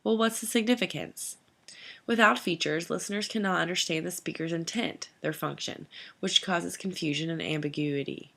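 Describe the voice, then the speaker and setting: Woman, lowish voice, a bit of vocal fry, instructor, measured scripted lesson narration. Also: pushed and bright. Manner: measured, reads lists of terms.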